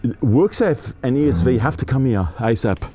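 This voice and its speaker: A man's voice: mid-range voice, expressive, normal speed, mellow, faint music behind. An Australian man hosting a building inspection, talking viewers through defects in a blunt, exasperated way. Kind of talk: on-site inspection commentary.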